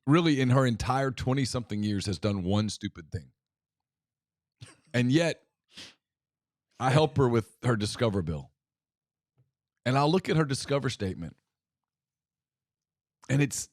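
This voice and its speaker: A man's voice: mid-range voice, dry recording, studio quality. A middle-aged man co-hosting a casual sports talk show, chatty and exasperated with laughing asides. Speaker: co-host.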